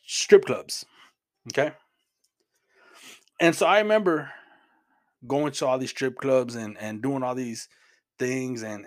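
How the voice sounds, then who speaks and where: A middle-aged man from Houston, earnest and plain-spoken, sharing his Christian testimony as a personal story. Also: medium pitch. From Houston, Texas. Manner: earnest, plain-spoken, repeats words as he goes.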